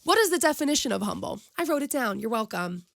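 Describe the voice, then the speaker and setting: A woman's voice: on the high side, big pitch swings, fast, creaky, fairly bright tone, slight background noise. A young woman hosting her own podcast, giving passionate opinionated commentary and speaking straight to her listeners. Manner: impassioned, preachy, addresses listeners directly. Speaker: podcast host.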